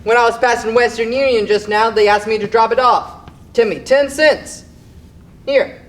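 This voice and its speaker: A high-voiced fibber with a teasing, sly way of talking, played by a young man on stage. His voice sits well above the usual male range, and he swings between playful needling and hushed, faraway storytelling. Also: steady tone, normal speed. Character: young man Neil, a scheming, dreamy fibber. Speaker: stage actor. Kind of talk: live stage play acting.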